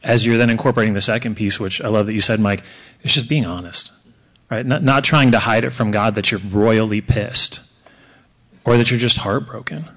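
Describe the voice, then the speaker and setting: A man with a low voice speaks on a church question-and-answer panel. He is thoughtful and organized, numbering his points as he goes and adding a light touch of humor. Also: fairly quick, fairly bright tone. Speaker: church panelist, men's group leader. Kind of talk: panel discussion.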